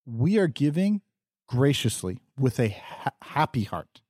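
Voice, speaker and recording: A man with a mellow, warm voice co-hosts a talk podcast. He reads passages aloud and then reacts to them with animated conviction. The sound is dry and close, with no room around it. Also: mid-range voice, a little slow, slightly rough, no room sound. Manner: animated, reads quotes aloud and talks back. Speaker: podcast co-host. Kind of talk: casual discussion.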